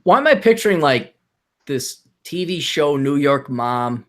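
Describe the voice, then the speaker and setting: A man's voice: a little high, sing-song, a little slow, fairly bright tone. Sex: man. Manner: sarcastic podcast host. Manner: sarcastic, mocking, laughs at the story. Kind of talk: casual chat and reading news aloud.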